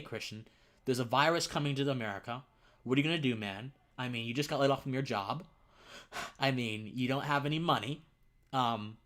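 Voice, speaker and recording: A man's voice: medium pitch, fairly bright tone. A young man hosting his own livestream, telling a personal story in an earnest way. He gets choked up and tearful, and his voice drops to near whispers. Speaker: livestream host.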